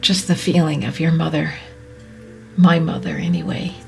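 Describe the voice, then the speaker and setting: A woman hosting a podcast, speaking in a soft, often whispery, reflective way, her voice catching with emotion. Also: low-pitched, steady tone, moderate pace, creaky, faint music behind. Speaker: podcast host. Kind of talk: slow reflective monologue.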